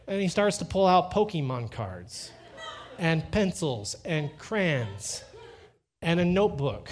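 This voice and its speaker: A middle-aged man preaching a sermon, telling a family story with lively quoted dialogue and slowing down to stress key lines. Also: sits high. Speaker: pastor.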